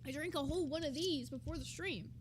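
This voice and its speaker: A woman's voice: high voice, fast, noisy background. A woman co-hosting a livestream in loose, chatty talk, full of fillers and casual cursing. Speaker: livestream co-host.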